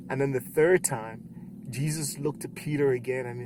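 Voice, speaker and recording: A young adult man giving a casual youth sermon, retelling scripture with animated quoted voices. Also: medium pitch, normal speed, a little hiss or hum. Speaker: youth pastor.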